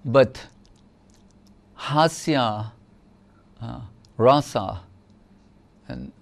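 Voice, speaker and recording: A man of middle pitch speaking very slowly as a spiritual lecturer. He gives a devotional discourse in an unhurried, gently explanatory way, with frequent pauses and fillers. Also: vocal fry.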